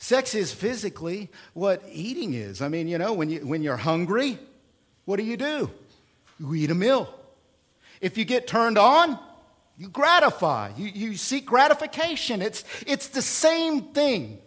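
A man preaching a sermon in a conversational, emphatic way, with rhetorical questions and swings between loud bursts and quiet asides. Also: high-pitched, big pitch swings, measured pace. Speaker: pastor.

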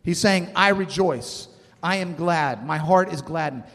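A man's voice: a little high, measured pace, a bit bright, long reverb tail. A man in his thirties preaching a sermon, talking conversationally and asking the congregation questions. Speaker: pastor.

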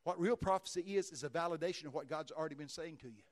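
A man preaching with a fairly high voice. He tells his stories with lots of animation, slipping into the voices of the people in them and rising to sudden shouts. The delivery is that of a sermon before a congregation. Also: fast talker. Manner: animated, acts out dialogue and shouts in bursts of excitement. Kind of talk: sermon storytelling.

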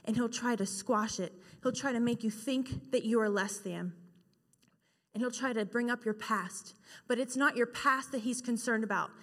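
A woman's voice: a little high, normal speed. A young woman guest speaker preaching a sermon, impassioned and telling a personal story. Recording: echoey hall.

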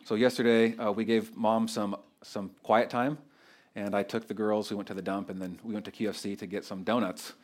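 A man's voice: lowish voice, level tone, fairly quick. A man in his thirties preaching a sermon as pastor, talking in a loose, unscripted way with fillers and restarts.

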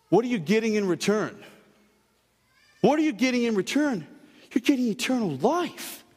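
A young man preaching a sermon, telling stories with animated delivery and acting out quotes in changing voices. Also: sits high, brisk. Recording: long hall reverb.

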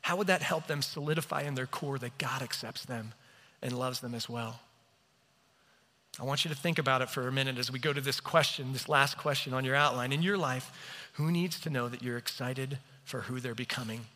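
A man's voice: mid-range voice, a little fast, sharp tone. A man preaching a sermon as pastor, telling stories on himself in an earnest, self-deprecating way. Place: church hall. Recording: reverberant church hall.

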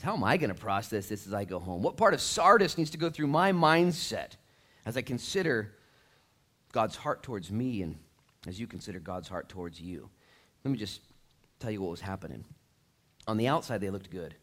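Animated man preaching a casual sermon. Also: fairly low pitch, fairly quick. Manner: casual, animated preaching with slang and acted-out quotes. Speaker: pastor. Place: church.

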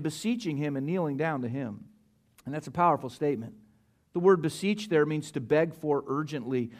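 A man preaching a sermon as pastor, rising to emphatic peaks and dropping to hushed, slow lines. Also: high voice.

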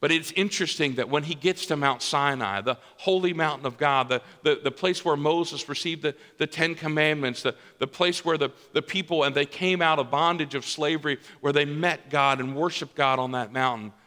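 Male pastor, bright and forceful, slightly high voice; chatty sermon delivery with restarts; long church reverb. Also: moderate pace, few pauses. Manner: conversational preaching with repeated restarts and "right?" tag questions. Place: church sanctuary.

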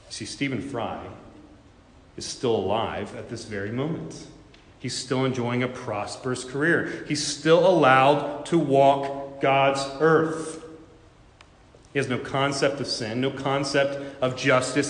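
A man preaching a sermon, moving between hushed, measured lines and loud, forceful rises. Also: medium pitch, fairly even intonation. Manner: preaching with rising intensity, swinging from hushed to loud. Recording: echoey hall with long reverb.

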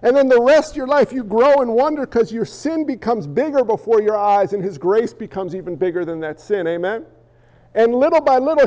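A male pastor preaching an animated sermon, acting out the voices he quotes. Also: very high voice. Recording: echoey hall, dull lo-fi sound.

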